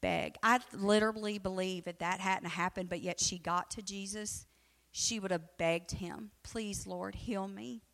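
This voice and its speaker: A woman's voice: mid-range voice, fairly even intonation, normal speed, a bit bright, long reverb tail. A woman teaching an adult Bible study in a conversational way, who often acts out the quotes in her story.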